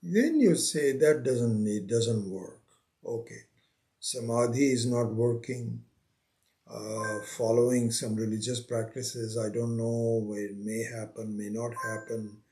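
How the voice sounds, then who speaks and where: A man teaching a spiritual scripture class, unhurried, repeating his phrases and acting out the seekers he quotes. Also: medium pitch, darkish tone. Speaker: Vedanta teacher.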